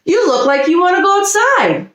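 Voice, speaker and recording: A woman's voice: very high-pitched, very animated, moderate pace, pitched above the performer's own voice, full character voice. A woman voicing a kindly, caring female nanny who looks after puppies. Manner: warm, motherly. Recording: roomy echo.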